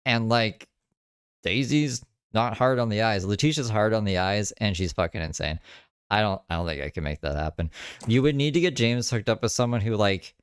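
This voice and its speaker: A man's voice: fairly low pitch, smooth, dry recording, studio quality. A man hosting a podcast, rambling in crude, casual commentary with lots of filler words. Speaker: podcast host.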